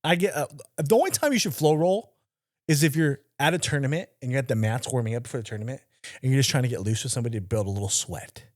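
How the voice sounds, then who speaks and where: A man's voice: medium pitch, lively intonation, quick pace. A man co-hosting a casual podcast, blunt and emphatic, swearing freely and giving direct instructions like a coach. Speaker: podcast co-host. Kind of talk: casual chat.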